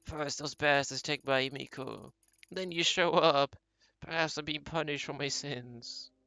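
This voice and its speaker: A man voicing a frail, fearful grandmother who pleads and warns in a slow, quavering way. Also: on the high side, creaky, pushed and bright, no room sound, heavily acted. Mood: warning. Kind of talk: reading game dialogue aloud.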